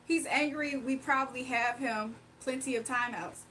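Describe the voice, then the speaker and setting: A woman's voice: high-pitched, normal speed, pushed and bright, recorded from a distance, slight background noise, low-quality recording. A woman livestreaming a card reading, ranting bluntly to her chat with repetitive rhetorical questions. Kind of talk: heated livestream rant to chat.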